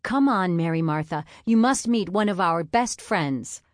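A woman voicing a cheerful young farm wife who talks brightly and with a flourish. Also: fairly low pitch, lively intonation, unhurried, dry recording, studio quality.

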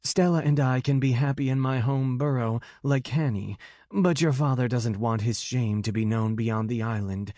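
A man voicing a worried wolf-shifter mother in an audiobook, gentle and earnest. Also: mid-range voice, steady tone, normal speed, no echo, clean studio sound, natural voice.

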